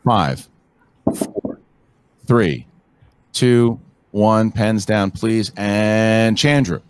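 A man acting as quizmaster, reading trivia questions and counting down in a measured way. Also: lowish voice, clean tone.

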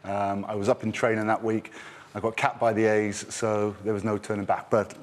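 Low-voiced man telling a studio anecdote. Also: little pitch movement, moderate pace. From Wales. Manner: chatty storyteller, laughs often. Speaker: studio guest, former rugby player.

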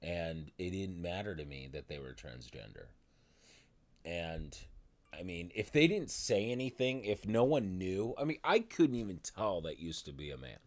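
A man's voice: low voice, big pitch swings. A man delivering an angry vlog rant, exasperated and swearing, often stumbling over his words. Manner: exasperated, swearing, halting restarts. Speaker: vlogger.

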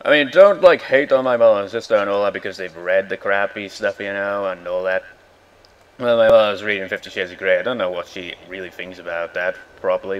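A man's voice: on the low side, dull audio. A young man ranting in a rambling, exasperated way, swearing often while commenting on a game. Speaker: gaming video host. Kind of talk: casual rant over gameplay.

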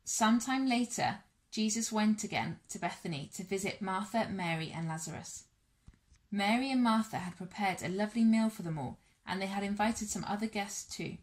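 A woman reading a Bible story aloud to children and families in a church all-age session, measured and warm. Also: mid-range voice.

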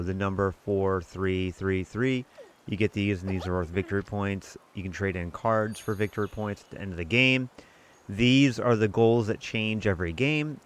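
A man hosting his own gaming channel, chatting casually and rambling while he plays a board game adaptation. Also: lowish voice. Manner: chatty, rambling, self-amused. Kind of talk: casual let's-play commentary.

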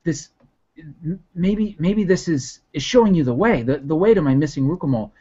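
A man's voice: a little high, lively intonation, normal speed, mellow, slightly rough. Man doing a stammering, panicky little racer. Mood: pleading. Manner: stammering, frantic repetitions. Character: short, nervous male insect racer, panicky. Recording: dull lo-fi recording.

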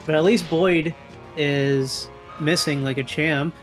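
A man's voice: fairly high pitch, steady tone, slow, faint music behind. A man guesting on a gaming stream, giving brief, easygoing replies in casual chat. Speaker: co-player guest.

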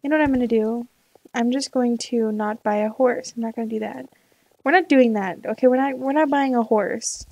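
A woman's voice: a little high, fairly quick, vocal fry, darkish tone, muffled recording. A young woman chatting casually while playing a game, rambling and talking herself in and out of choices. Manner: rambling, indecisive, talks to herself. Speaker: gaming YouTuber. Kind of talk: casual let's-play chat.

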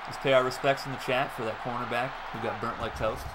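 A man streaming and commentating a football video game live, chatting with viewers and shouting on big plays. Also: mid-range voice, fast, loud music behind the voice. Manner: excitable, laughs often, breaks into shouting on big plays; chats with viewers. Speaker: gaming streamer.

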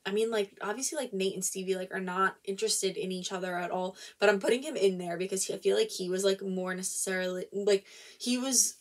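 A woman with a medium-pitched, brisk voice gives a casual book review full of spoilers. She rambles and thinks aloud, restarting sentences often and dropping "like" into almost every phrase.

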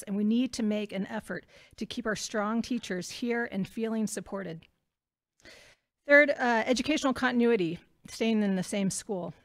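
A woman giving prepared public comment as a parent at a school board meeting, running through numbered points quickly. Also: medium pitch. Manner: rapid, itemized delivery.

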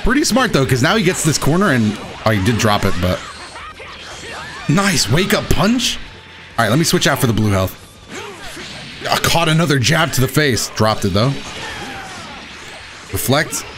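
A young man giving excitable, self-mocking live commentary while playing a fighting game. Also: medium pitch, unhurried, pauses often. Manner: excitable, self-mocking, shouts at big plays. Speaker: gaming YouTuber. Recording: game music playing behind. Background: game music.

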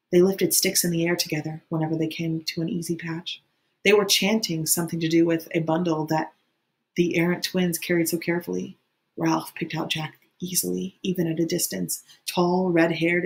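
A woman teacher reading a novel aloud for her students in a plain manner, with occasional restarts. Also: lowish voice.

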